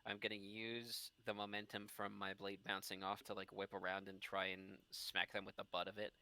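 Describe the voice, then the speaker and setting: A man takes his turn in an online tabletop game, laying out his moves in a relaxed, plain way. His voice sits on the low side but has a bright, clear edge. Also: normal speed. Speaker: player. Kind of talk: casual tabletop play over voice chat.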